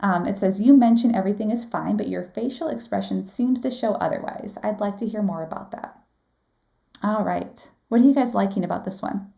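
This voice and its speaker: Gravelly-voiced woman teaching a live class. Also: medium pitch, fairly quick, mellow. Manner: conversational, asks the audience questions, frequent "um" and "right?". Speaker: nursing exam instructor.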